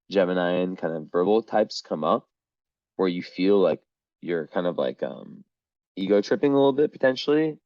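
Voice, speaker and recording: A man giving a casual astrology reading to camera, meandering and hesitant, with a voice that is going hoarse. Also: low voice, no echo, dull audio. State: losing his voice.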